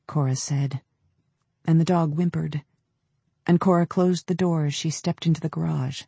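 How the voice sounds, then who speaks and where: A man narrating an audiobook in a measured, descriptive storytelling manner. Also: fairly high pitch, vocal fry, dark tone, slightly rough, no room sound. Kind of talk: scripted narration.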